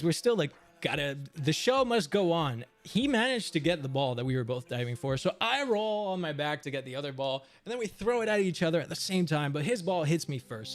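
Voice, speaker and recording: Young male streamer, high lively voice, expressive storyteller, faint music underneath. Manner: animated, swears freely, laughs while telling. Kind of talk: casual storytelling.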